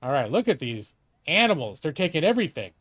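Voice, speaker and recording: Quick and sing-song, his fairly high voice sounds a bit bright and slightly rough, with no echo. He's a middle-aged man giving live commentary on a game he's streaming, swearing freely and chatting with both himself and a co-host.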